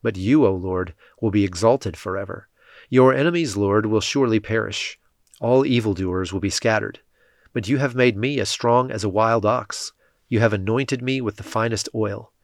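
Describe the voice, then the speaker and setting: A man reads scripture in a steady, measured narration. His voice sits low, and the recording is dry with no room sound around it. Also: no echo. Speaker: scripture reader.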